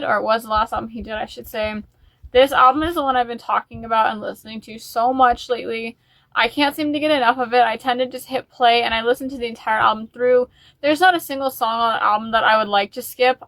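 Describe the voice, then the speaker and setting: Chatty bright-voiced woman vlogging about music. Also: on the high side, no room sound. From United States. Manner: chatty and rambling, with fillers and restarts; openly emotional. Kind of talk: casual music vlog.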